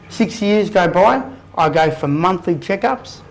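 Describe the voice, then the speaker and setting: A man's voice: high voice, lively intonation, measured pace, creaky, poor audio. An Australian man in his thirties, telling his own story to a live audience in a blunt, candid way, swearing casually. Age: 30s. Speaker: guest speaker. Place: room full of people.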